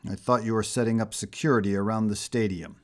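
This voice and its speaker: A man voicing a stern male armored supervillain who speaks slowly and deliberately. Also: lowish voice, fairly even intonation, natural voice. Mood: cold. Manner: slow, clipped, deliberate.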